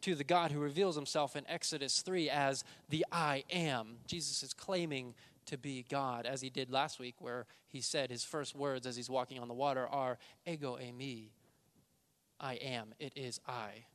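A man preaching a sermon, emphatic, slowing down and stressing key words. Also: medium pitch, fairly even intonation, fairly bright tone. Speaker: pastor.

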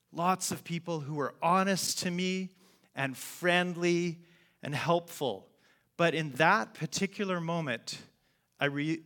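A man's voice: a little high, sharp tone. A man preaching a sermon, telling a personal story in an earnest, heartfelt way. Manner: earnest, heartfelt, slow and deliberate.

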